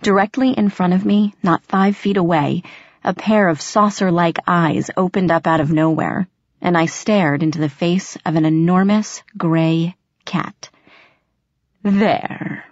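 A woman narrating a first-person audiobook with dramatic, expressive reading. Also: fairly low pitch, no echo, dull audio.

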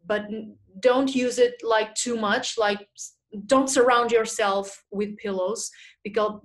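Woman answering webinar questions, unhurried. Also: fairly high pitch, fairly even intonation. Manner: chatty, reads out audience questions, many fillers. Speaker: webinar presenter. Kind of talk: live webinar Q&A. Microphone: small video mic or phone.

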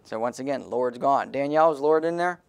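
A man's voice: medium pitch, brisk, gravelly, clear, resonant tone. A man preaching an emphatic sermon as pastor in a small church, calling on the congregation to read verses aloud.

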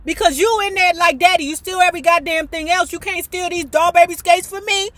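A woman's voice: huge pitch swings, a little fast, a bit bright, no echo, exaggerated voice. A woman voicing a bratty little girl throwing a tantrum, whiny and demanding. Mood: whining. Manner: whiny, demanding, high-pitched.

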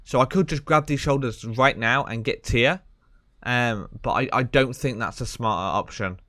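A young man, talking casually over his gameplay. He sounds excitable and chatty, leaning on fillers and "man." His voice is bright and forceful, and the recording is dry and close. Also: medium pitch, normal speed, dry recording. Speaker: gaming video creator.

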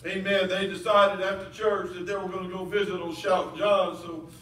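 A man's voice: sits high, flat delivery, moderate pace. Preacher man in echoey church. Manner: building to shouted preaching with dropped-g country grammar. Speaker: pastor. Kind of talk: sermon. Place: church sanctuary. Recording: echoey church heard from far off.

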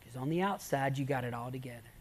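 Pastor preaching with loud-to-hushed swings. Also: male voice, medium pitch. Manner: swings between loud emphasis and hushed near-whispers; storytelling, dramatic pauses. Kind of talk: sermon.

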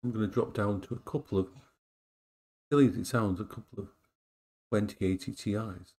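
A man's voice: fairly low pitch, fairly quick, a little mellow. A middle-aged man in casual chat at home, rambling and playful, recorded on a tablet camera. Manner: rambling, playful, talks to his dogs in a cooing voice. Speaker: vlogger. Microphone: tablet as action cam.

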